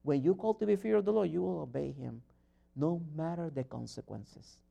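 A man's voice: fairly high pitch, moderate pace, gravelly, highs cut off. Fervent male preacher. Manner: earnest, rising to loud fervent exhortation; non-native phrasing and frequent restarts. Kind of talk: sermon.

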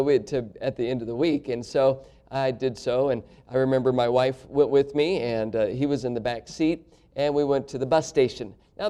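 A man's voice: medium pitch, dark tone, clear, resonant tone. A man preaching a sermon, telling a personal story in a folksy way, with many fillers and chuckles. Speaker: pastor.

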